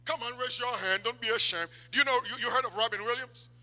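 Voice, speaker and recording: A man preaches, his high, very bright voice cutting through a church sanctuary. He moves between fervent, near-shouted exhortation and low, confiding asides. A long hall reverb trails each phrase. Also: quick pace. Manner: impassioned, swings from loud exhortation to low asides. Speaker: pastor. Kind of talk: sermon.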